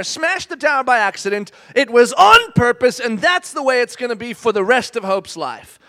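Man, thirties, high-pitched, animated, self-mocking, storytelling sermon. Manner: animated, self-mocking, addresses the audience directly. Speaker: speaker.

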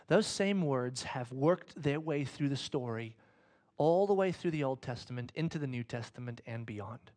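A man preaching a sermon in a casual, chatty way, telling a story with sudden swings between loud excitement and hushed whispers. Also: medium pitch, normal speed. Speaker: pastor.

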